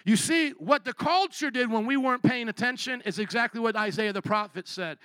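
A man's voice: very high voice, brisk, few pauses, dry recording. A man preaching a sermon, impassioned and emphatic, sometimes acting out voices of the people in his examples. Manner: impassioned, rising to loud emphatic peaks.

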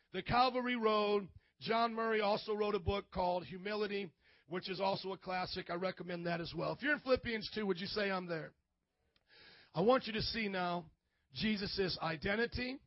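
High-voiced man preaching a sermon. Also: no echo, dull audio. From grew up in an Italian family. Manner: call-and-response preaching, asks congregation for amens; acts out quoted voices. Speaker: pastor.

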